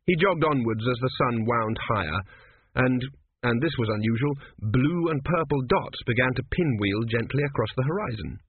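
A man's voice: mid-range voice, husky, no room sound. A man narrating a comic story in a dry, wry manner, reading as an audiobook narrator. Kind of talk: scripted narration with character voices. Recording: tinny phone-like recording.

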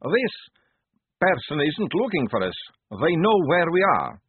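A man's voice: mid-range voice, huge pitch swings, measured pace, slightly rough, no room sound, pitched above the performer's own voice, exaggerated voice. A man voicing a jittery young male vampire soldier who stammers in agitation. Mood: urgent. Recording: tinny phone-like sound.

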